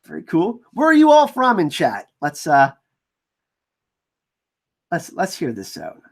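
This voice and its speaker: A man hosting a casual livestream, chatting with viewers and reading out their comments and shout-outs. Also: on the high side, huge pitch swings, unhurried, creaky. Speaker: livestream host. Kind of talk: casual live-stream chat.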